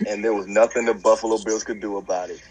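A man's voice: lowish voice, fairly even intonation, fast, breathy edge, poor audio. A man on a casual sports podcast, ranting bluntly and scolding.

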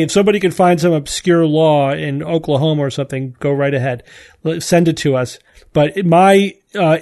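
A man's voice: a little high, gravelly, darkish tone. A man hosting a podcast, explaining things in casual panel chat and often restarting his sentences. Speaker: podcast host.

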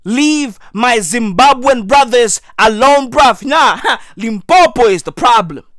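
A man delivering a profane comedic rant to camera, slangy and repetitive, with sudden loud outbursts. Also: extremely high pitch, animated, slow pace, no room sound, studio quality. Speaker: comedic ranter.

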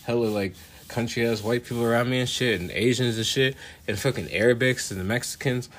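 A young man riffing in a profane, swaggering comedic rant, slangy and laughing often, a little high. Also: a little fast, fairly bright tone. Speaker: show host.

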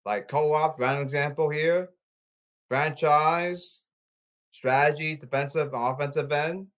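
A man podcasting alone in a repetitive, halting, pleading monologue. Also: on the high side, fairly even intonation, a bit bright. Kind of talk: rambling solo monologue. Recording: slightly dull lo-fi audio.

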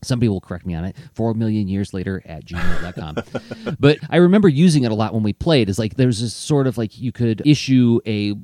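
A man co-hosting a cartoon recap podcast in casual chat, animated and joking, often slipping into silly voices. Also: fairly low pitch, a little fast. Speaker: podcast co-host.

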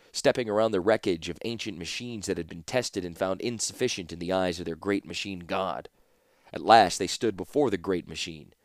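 Guy reading an audiobook, steady pace, lowish voice, dry close sound. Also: dry recording. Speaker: audiobook narrator. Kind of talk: scripted narration.

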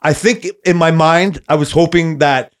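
A man's voice: on the high side, moderate pace. A middle-aged man telling a long, rambling story on a podcast, swearing often and laughing as he goes. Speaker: podcast co-host. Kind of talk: casual chat, storytelling.

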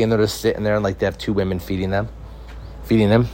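Young male host from California with a fairly low voice, spinning loose comic tangents full of slang. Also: flat delivery, fast, darkish tone. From California, United States. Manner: rambling, swears casually, slangy. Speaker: podcast host. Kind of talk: casual comic storytelling.

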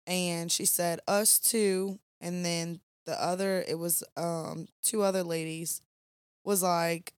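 A woman's voice: lowish voice, flat delivery, slow pace, clear, resonant tone, dry recording, studio quality. A young woman, co-hosting a podcast late at night and telling a long rambling story in casual chat. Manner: chatty, rambling, Southern "y'all" phrasing. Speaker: podcast co-host.

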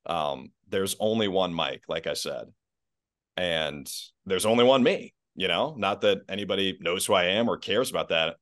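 A basketball play-by-play announcer appears as a guest on a sports podcast, talking casually in a low-pitched yet fairly bright voice with lively intonation and a moderate pace. He is easygoing and self-deprecating and laughs often, and the studio-quality recording is dry.

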